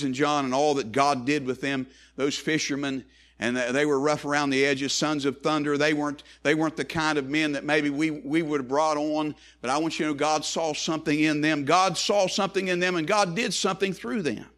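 Male preacher, high and bright, hushed to ringing. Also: fairly even intonation, fairly quick. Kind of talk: sermon.

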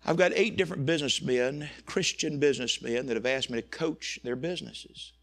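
Gravelly, impassioned preacher man. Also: medium pitch, a little fast, a bit bright. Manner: folksy storytelling, rising to impassioned preaching. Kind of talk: sermon.

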